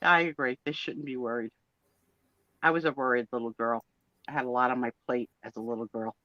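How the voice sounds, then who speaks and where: A woman's voice: rumbling low, fairly even intonation, brisk, a bit bright, dry recording. A middle-aged woman co-hosting a live online sale, chatting bluntly and teasing in a casual way. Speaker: co-host on a live photo sale stream. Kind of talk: casual chat. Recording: dull, lo-fi sound.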